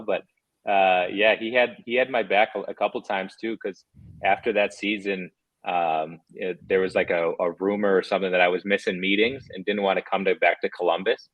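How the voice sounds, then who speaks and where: Man, low voice, rambling, candid, lots of fillers, dull dry sound. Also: steady tone, fairly quick, dry recording. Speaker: former hockey player guest. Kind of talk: casual interview chat.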